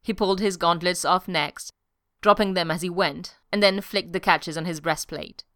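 Casting: steady woman narrator, smooth and low, dry close audiobook sound. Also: moderate pace, no room sound. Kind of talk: audiobook narration of fan fiction.

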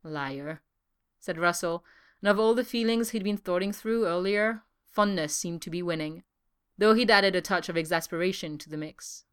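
A woman narrates a story in a smooth, resonant voice pitched a little low. Her reading is even and measured. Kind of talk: audiobook narration.

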